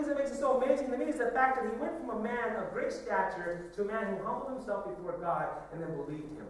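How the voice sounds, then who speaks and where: A man's voice: sits high, expressive, quick pace, slight background noise. A middle-aged man, a pastor, preaching a conversational sermon full of questions and asides. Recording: echoey church hall, from a distance.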